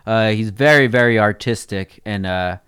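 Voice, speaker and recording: A man's voice: on the low side, normal speed, a bit bright, smooth. A young man hosting a podcast in casual chat, laid-back and full of swearing, talking straight to his listeners. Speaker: podcast host.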